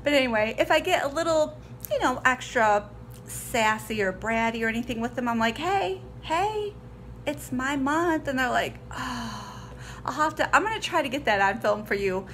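A woman's voice: a little high, a bit bright, slight background noise. A woman in her forties chatting to her viewers in a bubbly, giggly vlog style. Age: 40s. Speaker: vlogger. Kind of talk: casual vlog chat to viewers.

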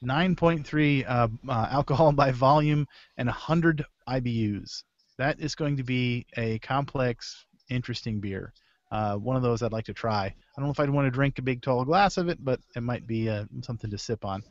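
A man's voice: mid-range voice, moderate pace, no room sound, muffled recording. A man hosting a casual beer podcast over a video call, rambling through release news and correcting himself as he goes. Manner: rambling, self-correcting, chuckles between items. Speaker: podcast host.

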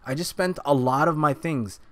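A man's voice: on the high side, normal speed. A man giving heated commentary while streaming from his gaming computer, ranting angrily and swearing often. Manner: angry ranting, frequent swearing.

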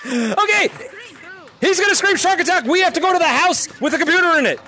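A man live-streaming a VR game, shouting greetings and cheering his players on with lots of laughter, into a headset mic. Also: extremely high pitch, lively intonation, a little fast. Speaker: gaming streamer. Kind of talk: excited live-stream chat while playing.

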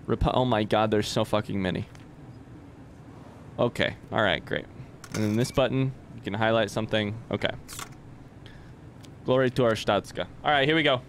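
A man's voice: mid-range voice, fairly bright tone, slight background noise. A young man doing live let's-play commentary, chatting with viewers and reading game text aloud.

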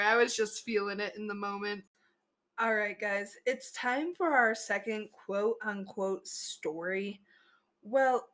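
A woman's voice: medium pitch, fairly bright tone. A woman podcast host telling a tabletop game story in a chatty way, laughing at her own tale.

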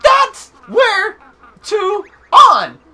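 A man voicing a peppy little male mole teacher in a high, excited, choppy way while reading game text. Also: drawn-out words, heavily acted.

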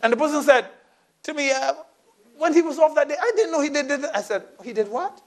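A middle-aged male pastor preaching a sermon, telling a personal story, moving between soft asides and raised, emphatic lines. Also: very high-pitched, quick pace.

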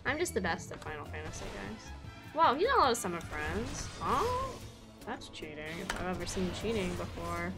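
A young woman streaming a game, bubbly and excitable, chatting with her viewers while she plays. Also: mid-range voice, normal speed, music in the background. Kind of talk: casual live-stream game chat.

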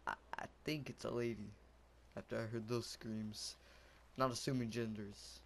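A man's voice: mid-range voice, steady tone, normal speed, gravelly, a little hiss or hum. A young man giving goofy, rambling commentary while playing a game, yelping and laughing as he goes. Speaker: gameplay commentator. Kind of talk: casual gameplay commentary.

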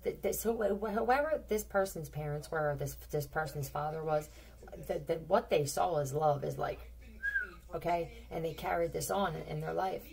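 A woman's voice: low-pitched, normal speed, vocal fry, a little mellow, distant mic. A woman giving a casual tarot reading, rambling and blunt, swearing freely, repeating words and firing off questions. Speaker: tarot reader.

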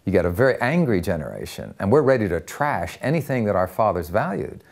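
Older US man, interview guest, earnest storyteller, lively pitch. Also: brisk, creaky. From United States. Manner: earnest, animated storyteller acting out quoted voices.

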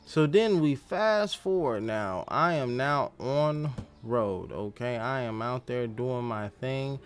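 A man's voice: medium pitch, animated, slow, faint music behind. A man hosting a gaming channel, telling a rambling, profane story in casual chat while he plays. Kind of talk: casual gameplay commentary and storytelling.

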